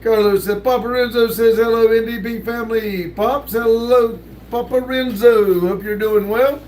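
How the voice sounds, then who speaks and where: A man's voice: extremely high pitch, steady tone, normal speed, a little mellow, slight background noise. An older man, hosting a casual livestream and reading chat messages aloud in a laid-back drawl with lots of laughs. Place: home room with sticker wall.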